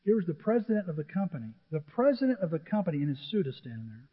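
A man's voice: fairly high pitch, very animated, racing, breathy edge. A man preaching a sermon as pastor, telling stories from his working life and acting out quotes. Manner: conversational storytelling with acted quotes. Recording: dull sound with long hall reverb.

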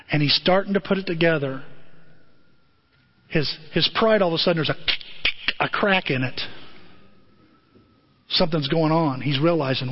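A man preaching a sermon as an animated storyteller who acts out scenes, with a husky voice on a muffled, lo-fi recording. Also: a little high, moderate pace, pauses often. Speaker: pastor.

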